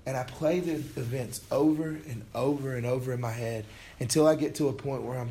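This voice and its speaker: A man's voice: mid-range voice, a little fast, warm tone, slight background noise. Man preaching in a conversational tone. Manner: conversational preaching, acts out inner voices. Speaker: pastor. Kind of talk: sermon.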